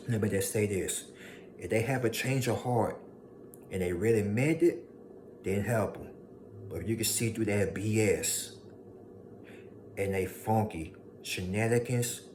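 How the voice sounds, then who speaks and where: A man delivers an emphatic motivational monologue, hammering home his points by repetition. His voice sits low and deep. A steady hiss of background noise runs under it. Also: measured pace, long pauses. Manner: preachy, emphatic, repeats lines for effect, mocking voices of haters. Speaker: motivational speaker.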